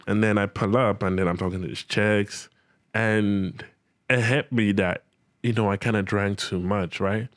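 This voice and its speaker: A young man telling a comic personal anecdote in casual slang, animated and acting out his own reactions. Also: fairly low pitch, unhurried, no room sound, clean studio sound. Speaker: storyteller.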